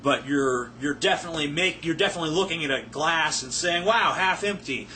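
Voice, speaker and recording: A man's voice: on the high side, fast talker, pushed and bright, slight background noise. A man ranting profanely and sarcastically to camera as he answers viewer questions, rambling and a little drunk. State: tipsy, not sober. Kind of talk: casual rant to camera.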